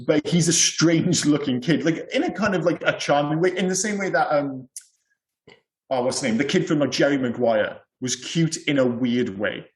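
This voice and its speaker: A man's voice: fairly high pitch, moderate pace. A man co-hosting a film podcast, rambling and chatty, with lots of restarts. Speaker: podcast co-host. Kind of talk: casual film chat. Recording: echoey room.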